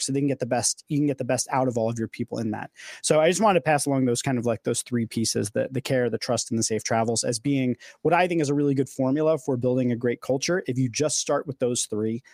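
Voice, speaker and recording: Fast-talking man hosting a podcast. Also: mid-range voice, a little mellow, no echo, clean studio sound. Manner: enthusiastic, filler-heavy, repeats words. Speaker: podcast host. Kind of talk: casual conversational podcast.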